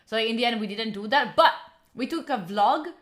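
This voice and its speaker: A woman's voice: on the high side, a little fast, fairly bright tone. A woman, rambling casually to her live viewers with lots of filler words and the odd swear. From Italy. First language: Italian. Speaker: study streamer.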